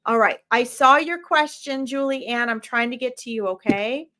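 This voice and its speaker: A fairly high-voiced woman speaks straight to her viewers, giving live psychic medium readings. She is blunt and emphatic, with plenty of fillers and "okay?" tags along the way. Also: moderate pace, bright, forceful tone. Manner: direct, emphatic, with many fillers and "okay?" check-ins.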